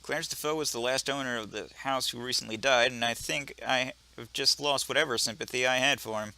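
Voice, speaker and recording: A man voicing a sardonic gentleman cat burglar in a put-on British accent, deadpan and wry, for a video game. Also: mid-range voice, brisk. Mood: dry. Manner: dry, deadpan, wry asides. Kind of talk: video game voice-over reading.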